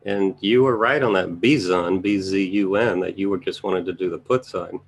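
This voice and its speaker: A man's voice: low voice, steady tone, normal speed, breathy edge. A man giving casual live market commentary, thinking aloud as he scans charts and making chatty asides to his viewers. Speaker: trading educator reviewing charts.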